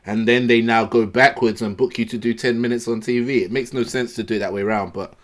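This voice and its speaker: A man's voice: mid-range voice, fairly even intonation, quick pace. Easygoing British man in loose banter. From Britain. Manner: loose and joking, slips into mock accents, trails off mid-thought. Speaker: podcast co-host, comedian. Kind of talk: casual chat.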